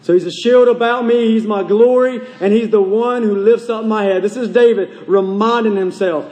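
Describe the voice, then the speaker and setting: Male pastor, high voice, earnest sermon delivery, big church reverb. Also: warm tone. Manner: earnest preaching, slows and drops low on key phrases.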